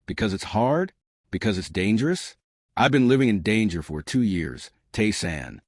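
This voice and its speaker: A man's voice: on the low side, very animated, normal speed, dry recording. A frightened young woman, as a man reads her lines, asking anxious, pleading questions. The voice rises and falls a lot, and the sound is dry and close.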